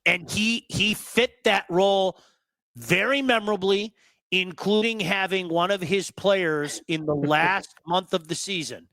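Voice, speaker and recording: A man hosting a sports talk show, telling stories in an emphatic, animated way and repeating words for effect. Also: sits high, unhurried, no room sound. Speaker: sports radio host.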